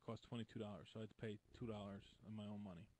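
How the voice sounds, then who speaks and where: A man's voice: on the low side, level tone, very fast, a little mellow, poor audio. A man co-hosting a comedy show, telling a long anecdote in a wry, blunt, profane way. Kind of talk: casual storytelling.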